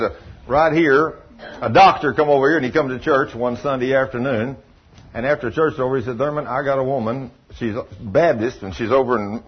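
A man's voice: medium pitch, breathy edge. A man preaching a sermon, telling stories in a folksy, emphatic, drawling way. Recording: muffled lo-fi sermon recording with faint hiss.

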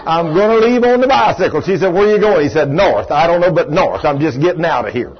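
A middle-aged man, preaching a sermon as a folksy, animated storyteller who acts out the quotes. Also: fairly high pitch, fast, slightly rough. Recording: dull lo-fi sound.

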